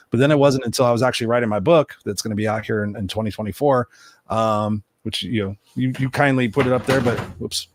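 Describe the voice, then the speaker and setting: A man's voice: fairly low pitch, quick pace, no echo. A man, a guest coach, talking bluntly in casual interview chat, with tough-love motivational remarks.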